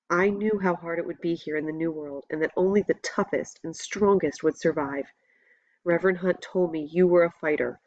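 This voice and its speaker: A woman voicing a gravely wounded older male captain, speaking in a slow, measured, solemn way in an audiobook reading. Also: lowish voice, darkish tone, dry recording, dull audio, natural voice.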